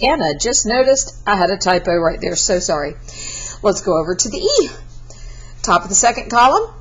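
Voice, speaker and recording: A woman's voice: medium pitch, big pitch swings, normal speed, breathy edge, rough recording. A Spanish teacher. She gives a recorded class lesson in a chatty, encouraging way and breaks into sung verses.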